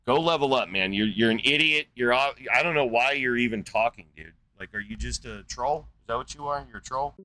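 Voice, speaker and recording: A man hosts a live call-in debate with a forceful, sharp-edged voice. He argues combatively and throws out profane insults. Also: mid-range voice, a little fast, few pauses, no room sound. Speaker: debate show host.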